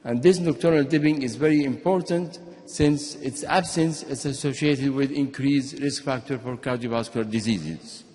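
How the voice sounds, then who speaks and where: A physician whose first language is Arabic gives a medical conference lecture in a reverberant hall. His medium-pitched voice moves at a moderate pace, explanatory and steady, though he sometimes restarts and repeats words.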